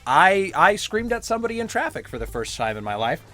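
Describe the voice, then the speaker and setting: A man's voice: high-pitched, sing-song, brisk, bright, forceful tone, dry recording, faint music behind. A young adult man chatting casually while playing a game, telling a story animatedly and swearing freely. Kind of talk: casual chat while gaming.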